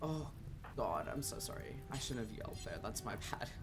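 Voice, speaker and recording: Guy streaming a colony game, mid pitch, chatty, swears then says sorry, faint music in the back. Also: lively intonation, normal speed. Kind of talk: casual gameplay commentary.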